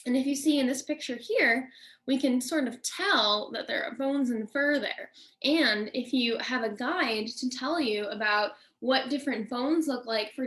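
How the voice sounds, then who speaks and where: A woman nature educator giving a children's lesson, talking slowly and in a friendly way to the kids. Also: fairly high pitch, a bit bright. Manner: friendly, slow, addressing kids directly.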